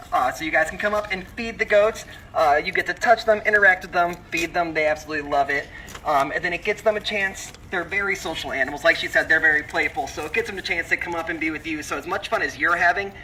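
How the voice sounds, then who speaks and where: A man presenting at the zoo in a live talk, energetic and jokey. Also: on the high side, far from the mic, a little hiss or hum, rough recording.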